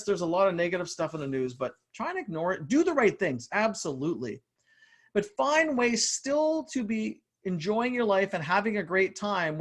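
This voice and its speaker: Energetic male motivational speaker, high voice, stumbles and repeats words, talks straight to "you guys" over a video call. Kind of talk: live online motivational talk.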